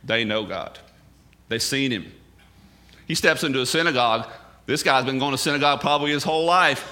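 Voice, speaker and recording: Man, pastor, sermon, emphatic conversational preaching, bright voice. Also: medium pitch, brisk.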